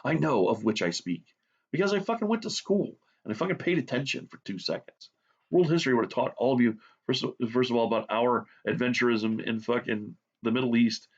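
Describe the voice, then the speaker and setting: A man's voice: mid-range voice, expressive, brisk. Profane ranting man, muffled audio. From United States. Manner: blunt, profane, sarcastic. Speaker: art vlogger. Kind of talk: profane rant while drawing.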